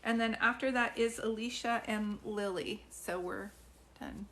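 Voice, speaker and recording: A woman doing live psychic readings for viewers, chatty and informal, filling pauses with ums and calling people sweetie. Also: medium pitch, fairly bright tone. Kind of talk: livestream chat with viewers.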